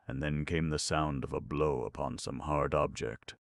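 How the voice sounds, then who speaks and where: A man narrating a ghost story in a measured, dramatic reading. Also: very deep voice, fairly even intonation, vocal fry, dry recording, clean studio sound. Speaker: audiobook narrator.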